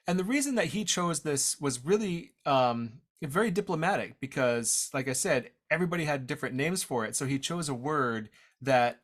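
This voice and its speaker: Casual man teaching over a video call. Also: medium pitch. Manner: casual, self-deprecating, halting with restarts. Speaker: tribal language teacher. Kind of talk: online presentation talk. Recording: unstable internet connection, audio drops out.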